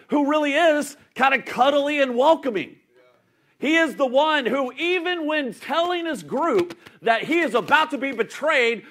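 High-voiced, emphatic preaching pastor. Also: male voice. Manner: emphatic, animated preaching with dramatic pauses. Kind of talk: sermon.

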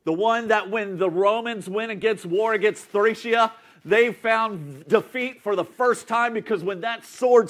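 High-voiced, emphatic preaching pastor. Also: male voice. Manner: emphatic, animated preaching with dramatic pauses. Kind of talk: sermon.

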